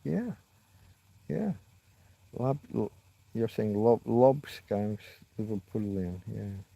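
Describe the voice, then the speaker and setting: A man's voice: lowish voice, sing-song, takes it slowly, gravelly, warm tone, breathy edge. A man hosting a casual livestream, chatting loosely with viewers and reacting to their comments. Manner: meandering, reacts to chat, self-mocking asides. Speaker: livestream host. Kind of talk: rambling livestream chat with viewers. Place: living in Spain.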